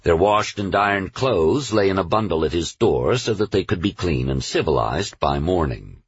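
A man reading a novel aloud as a narrator, in a measured storytelling manner. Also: sits low, animated, slight background noise. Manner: measured storytelling, slows on lists. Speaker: audiobook narrator. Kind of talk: scripted narration. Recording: dull, dry studio recording.

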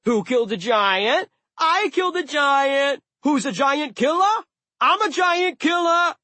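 Squeaky talking sword, loud, excited, boastful, audiobook. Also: male voice, measured pace, no room sound, heavily acted. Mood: gloating song. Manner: excited, yelling, sing-song.

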